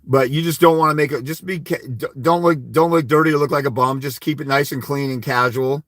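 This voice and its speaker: A man's voice: fairly high pitch, steady tone, a little fast, fairly bright tone, no room sound, clean studio sound. A blunt, profane man giving casual legal advice to fathers on a livestream, telling stories with quoted dialogue. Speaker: host of a fathers' rights livestream.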